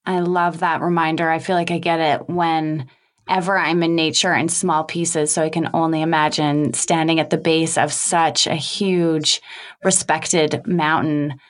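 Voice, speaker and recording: Podcast host lady, kinda low voice, super encouraging, asks lots of questions. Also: level tone, measured pace. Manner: encouraging, affirming interviewer. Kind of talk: interview podcast.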